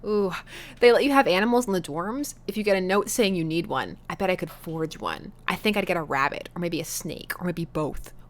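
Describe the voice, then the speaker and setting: A woman voicing an excitable teenage girl who is about to leave home for college, in a game playthrough. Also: fairly low pitch, brisk, lightly acted. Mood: chatty. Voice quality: playful, excitable. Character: teenage girl, bubbly daughter leaving for college.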